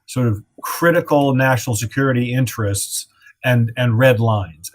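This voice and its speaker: A man giving expert commentary as a guest, hedging with "sort of" and repeated words. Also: medium pitch. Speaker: think-tank guest.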